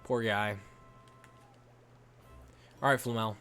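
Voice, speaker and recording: A man streaming a game, talking in a relaxed, chatty commentary style to his viewers, with faint game music behind. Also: fairly low pitch, slow.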